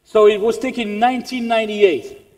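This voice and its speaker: Man with a French accent, motivational keynote speaker, animated, fairly high voice, long reverb of a large hall. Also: brisk. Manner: animated, repeats words as he restarts. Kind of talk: motivational business talk.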